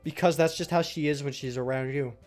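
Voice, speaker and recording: A man's voice: a little high, fairly even intonation, fairly quick, darkish tone, soft background music, natural voice. Man reading a poised club president girl. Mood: gentle.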